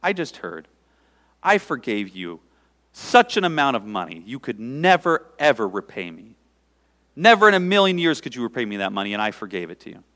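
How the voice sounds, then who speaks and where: A man's voice: mid-range voice, sing-song, moderate pace, pushed and bright, in a large hall. A pastor putting on a stern, commanding king. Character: stern powerful male king, demanding and then merciful.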